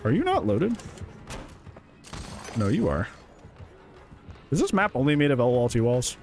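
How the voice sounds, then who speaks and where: A man's voice: medium pitch, huge pitch swings, unhurried, darkish tone, faint music behind. A young man streaming a video game, ranting sarcastically and swearing often in casual commentary.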